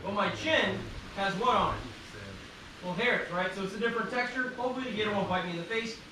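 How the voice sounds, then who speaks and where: A man's voice: high voice, quick pace. A man presenting a live alligator show outdoors, explaining and joking with the crowd. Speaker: alligator handler. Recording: far-off, echoey, loud outdoor noise.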